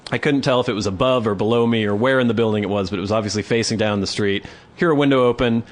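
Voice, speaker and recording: A man's voice: lowish voice, very fast. A man co-hosting a podcast and telling a comic story, acting out the people he quotes. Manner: animated storyteller who acts out the people he quotes. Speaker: podcast co-host. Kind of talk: casual comedic storytelling.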